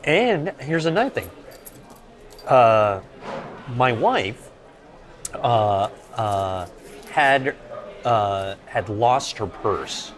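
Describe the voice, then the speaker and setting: A man co-hosting a podcast, chatting over lunch in a halting way with many repeats. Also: mid-range voice, big pitch swings, soft background music. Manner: hesitant, repeats words and fillers. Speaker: podcast co-host. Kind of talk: casual chat over lunch. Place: busy restaurant. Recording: restaurant crowd chatter behind.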